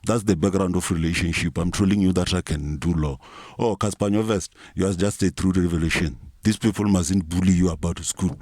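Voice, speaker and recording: A man's voice: sits low, a little mellow, no room sound. A South African man telling a rambling, profane comic rant in a mock-preachy tone. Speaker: comic storyteller.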